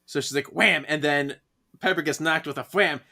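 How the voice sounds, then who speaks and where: A man co-hosting a podcast in casual chat, animated and laughing often as he acts out lines from the story. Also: on the high side, brisk. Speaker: podcast co-host.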